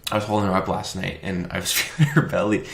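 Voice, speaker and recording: Young man with a very deep voice. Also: little pitch movement, fast talker, vocal fry. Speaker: podcast co-host. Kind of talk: casual chat. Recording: roomy echo.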